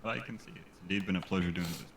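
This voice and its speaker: A man's voice: sits low, fairly even intonation, very fast. A man taking part as a player in a tabletop game, talking casually with some hesitation.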